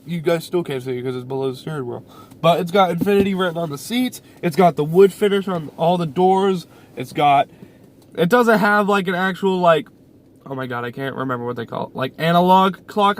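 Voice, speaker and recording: A young man chatting casually in a car vlog, rambling with lots of fillers and repeated phrases, recorded by a camera on the dashboard inside his parked car. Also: on the high side. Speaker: YouTuber. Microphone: camera mounted on the dash.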